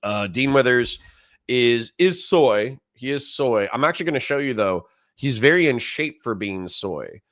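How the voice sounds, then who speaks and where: A man's voice: medium pitch, animated, moderate pace, a bit bright, no echo, clean studio sound. A man hosting a casual live stream, talking bluntly and mockingly with lots of fillers. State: grumpy. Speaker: political commentary streamer.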